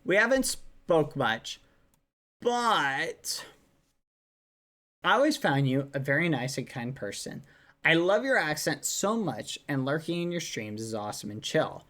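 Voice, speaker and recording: A woman streamer, softly reading fan messages aloud, laughing often. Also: low voice, sing-song, a little slow. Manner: soft, affectionate, laughs often.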